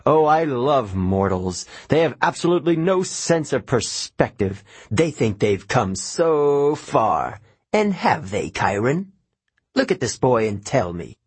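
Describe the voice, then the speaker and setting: A man's voice: mid-range voice, sing-song, takes it slowly, husky, dry recording, pitched above the performer's own voice, exaggerated voice. A man voicing a drawling, scornful camp director god. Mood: scoffing. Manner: drawling and scoffing.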